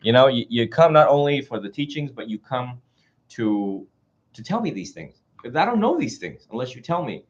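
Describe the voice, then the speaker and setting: A man's voice: mid-range voice, very animated, normal speed. Chatty, self-mocking male Buddhist teacher. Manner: chatty, self-mocking, laughs often, acts out little voices. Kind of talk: informal dharma talk. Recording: dull lo-fi recording.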